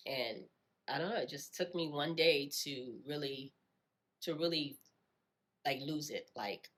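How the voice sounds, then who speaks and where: A woman telling her own life story in a reflective way, often repeating phrases and filling pauses with "you know". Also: sits low. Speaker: storyteller sharing her experience. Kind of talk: personal storytelling.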